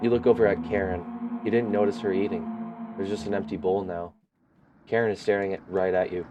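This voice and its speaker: Give me a low-voiced man reading a story game aloud, with faint background noise. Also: steady tone, a little fast. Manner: casual, slangy asides. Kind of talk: reading game text aloud with casual reactions.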